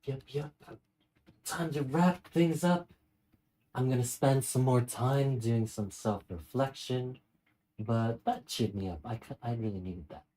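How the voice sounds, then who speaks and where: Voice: medium pitch, a little slow, mellow, poor audio. A young adult streamer from Northern California with a Northern Californian accent, chatting casually and rambling while answering viewers. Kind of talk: casual livestream chat with viewers.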